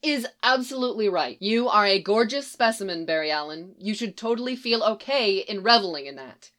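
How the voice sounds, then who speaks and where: A woman's voice: mid-range voice, expressive, a little fast, fairly bright tone, natural voice. A woman voicing a bubbly, playful young woman praising a friend. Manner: playful, emphatic.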